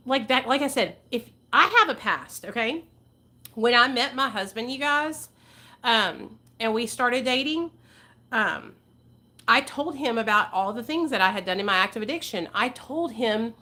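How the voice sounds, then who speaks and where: A candid woman hosting her own channel in a loose, rambling chat, cursing as she goes. Her voice sits a bit high and has a bright, forceful edge. She sounds like she is in her forties. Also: normal speed. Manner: candid, rambling, swears freely. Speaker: channel host. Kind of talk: casual livestream chat.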